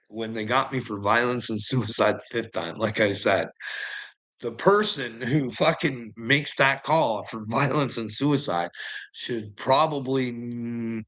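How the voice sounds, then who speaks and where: A man's voice: medium pitch, pushed and bright, low-quality recording. A man ranting in a casual chat to a friend, agitated and heavy on profanity, laughing often between lines. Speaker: person telling his story.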